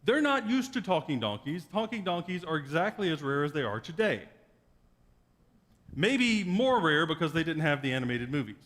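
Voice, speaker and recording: A man's voice: on the high side, sing-song, normal speed, fairly bright tone, long reverb tail. A man preaching a sermon as pastor, retelling a story in a wry, joking way. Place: church sanctuary.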